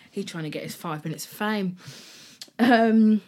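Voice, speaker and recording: A young woman hosting a podcast, chatting casually and at times softly and emotionally about her own experience, with many fillers. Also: medium pitch, slow pace, noisy background. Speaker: podcast host. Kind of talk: casual personal storytelling.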